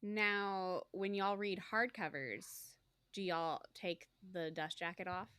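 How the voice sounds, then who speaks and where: A woman's voice: on the low side, steady tone, slow pace, pushed and bright, clear, resonant tone, no room sound. A woman co-hosting a book podcast, chatting casually and asking follow-up questions. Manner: upbeat, asks follow-up questions. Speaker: podcast co-host. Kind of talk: casual chat.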